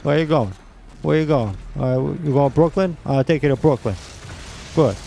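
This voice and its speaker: A man voicing a brash, impatient male New York cab driver in a gruff, bossy New York accent. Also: medium pitch, normal speed, warm tone, slight background noise, natural voice. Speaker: streamer. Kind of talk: comic bit during gaming stream.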